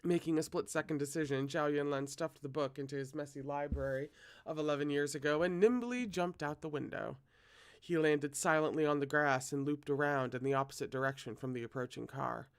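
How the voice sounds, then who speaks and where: Male read-aloud narrator, fairly high voice, steady delivery. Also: a little fast, clear, resonant tone. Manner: steady, occasional self-corrections. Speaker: reader. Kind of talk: reading a novel aloud.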